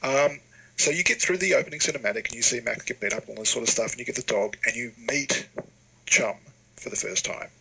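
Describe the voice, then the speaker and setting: A man's voice: mid-range voice, fast talker, creaky, sharp tone, a little hiss or hum, rough recording. A man from Australia, co-hosting a casual podcast chat and telling stories with lots of fillers and restarts. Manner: enthusiastic storyteller, loose fillers and restarts. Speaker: podcast co-host.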